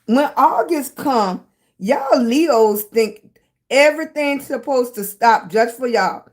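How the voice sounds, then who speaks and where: A middle-aged woman chats casually on a phone live stream. Her voice sits a little high and she talks slowly. She greets each viewer by name and calls them sweetie and baby. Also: animated. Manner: greets viewers warmly with pet names, chatty and playful. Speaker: livestream host.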